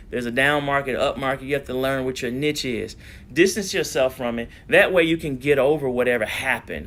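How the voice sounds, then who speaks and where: A man with a mid-range voice delivers a lively, faith-based self-help talk in a preacherly rhythm. He keeps checking in with his listeners, stressing key points with energy. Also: medium pitch, slight background noise. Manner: energetic, preacherly, repeats "all right?". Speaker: psychologist giving a live online talk.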